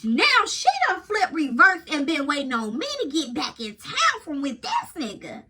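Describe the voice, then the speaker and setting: Animated high-voiced chicago woman telling a story. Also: normal speed. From Chicago South Side. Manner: animated, profane, slangy, addresses viewers as girl and y'all. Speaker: storyteller vlogger. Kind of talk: casual storytime chat.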